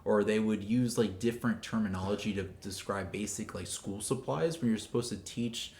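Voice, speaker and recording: A man's voice: on the low side, normal speed, a little mellow, a little hiss or hum. A man, chatting on a podcast. He rambles freely and leans on "like" and "you know" between his thoughts. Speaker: podcast guest co-host. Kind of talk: casual chat.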